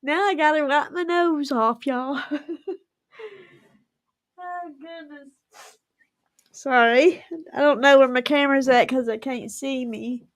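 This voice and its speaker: A woman's voice: sits high, steady tone, slow, pauses often, no room sound, clean studio sound. A woman, hosting a casual livestream and chatting effusively with frequent giggles. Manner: effusive and giggly, laughs often. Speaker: livestream host.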